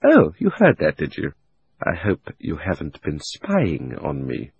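A man playing a crafty old magician uncle who coaxes and flatters while hiding his greed. He stretches his words slowly, and his pitch climbs and swoops, over a husky audiobook voice. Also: dry recording, dull audio, exaggerated voice. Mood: wheedling. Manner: wheedling and sinister, drawn-out words. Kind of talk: audiobook reading.

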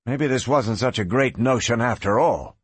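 A man's voice: mid-range voice, lively intonation, moderate pace, husky, no room sound. A man voicing a nervous, rattled young gunman in an audiobook, hesitant and uneasy.

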